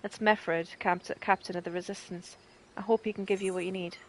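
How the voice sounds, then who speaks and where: A Northern English woman voicing a scornful, prickly female rebel in a game, with a sharp, mocking delivery. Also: medium pitch, fairly even intonation, normal speed, a little hiss or hum, lightly acted. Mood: relenting.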